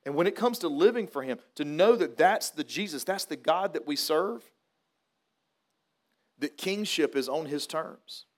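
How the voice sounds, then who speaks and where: High-voiced pastor, folksy. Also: male voice, measured pace. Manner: folksy, animated storytelling that turns to earnest preaching. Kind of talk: funeral sermon with storytelling.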